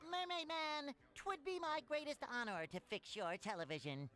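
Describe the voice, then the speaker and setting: An actor voicing a naive, excitable cartoon sea sponge in a video game. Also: male voice, very high voice, normal speed, exaggerated voice. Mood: eager. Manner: excitable, earnest. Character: overeager cheerful male sea sponge, naive.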